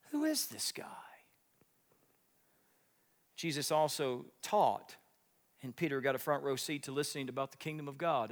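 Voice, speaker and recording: A man preaching a sermon, telling stories with big swings, shouting at the high points and dropping to a whisper. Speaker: pastor. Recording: long hall reverb.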